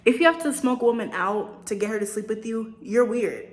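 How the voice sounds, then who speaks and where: A woman's voice: a little high, fairly quick. A young woman chatting casually while she cooks at home, ranting with exasperation and laughing now and then. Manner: animated, exasperated rants with laughs. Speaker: vlogger. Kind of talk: casual chat while cooking. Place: home kitchen. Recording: echoey room with faint noise.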